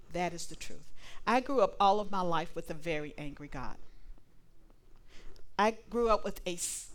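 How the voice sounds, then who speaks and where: A woman preaching a sermon to a live congregation, animated and playful, acting out little dialogues. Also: lowish voice. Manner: animated, laughing asides, acts out dialogue.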